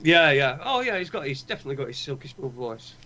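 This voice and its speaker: A man's voice: a little high, big pitch swings, quick pace, pushed and bright. A man with a Northern English accent co-hosting a podcast, ranting with heavy swearing and strong opinions. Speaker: podcast co-host. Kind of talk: casual chat. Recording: dull lo-fi sound.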